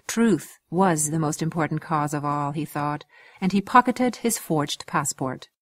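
A woman narrating a novel excerpt in a steady, even storytelling manner. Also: sits low, a little slow. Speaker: audiobook reader. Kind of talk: scripted narration.

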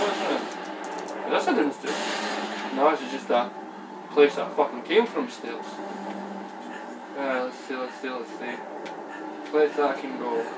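A Scottish man playing a video game, swearing constantly and shouting at the screen. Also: medium pitch, recorded from a distance. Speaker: gamer playing a shooter. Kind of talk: live reactions while gaming. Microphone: camera across the room. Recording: echoey room, off-mic, background noise.

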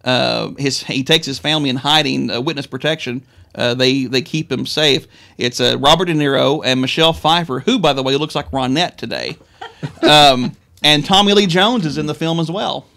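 Bright, gravelly-voiced man on the radio. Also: mid-range voice, normal speed. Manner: joking, stammering restarts. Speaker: radio guest talking movies. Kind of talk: casual radio banter. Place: radio studio.

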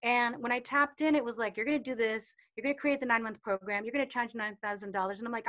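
Woman, fairly high voice, relaxed wellness teacher, chatty, full of fillers, on a video call. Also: a little fast, few pauses. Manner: chatty, with many fillers and acted-out quotes. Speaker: meditation and intuition teacher. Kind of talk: casual talk in a live online session.

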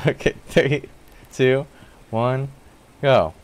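A young man hosting a casual gaming session with friends over voice chat, animated and yelping at jump scares. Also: medium pitch, a little hiss or hum. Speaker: gaming host.

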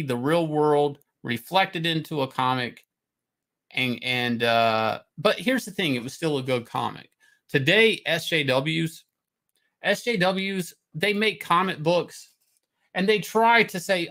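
A middle-aged man, a comic artist hosting his own show, ranting loudly and swearing as he jumps from topic to topic. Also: fairly high pitch. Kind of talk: profane livestream rant.

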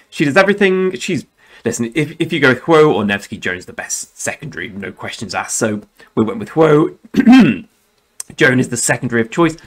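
A young man hosting a gaming channel, talking casually and rambling through game commentary, often correcting himself and swearing now and then. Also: medium pitch. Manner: rambling, self-correcting, chatty with mild swearing.

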